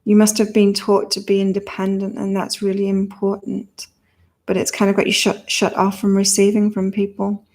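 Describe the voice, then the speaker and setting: A woman's voice: mid-range voice, darkish tone. A woman in her fifties with an accent halfway between British and Australian, chatting on a live stream while giving psychic readings to viewers. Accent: mix of British and Australian. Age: 50s. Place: home in southern Thailand.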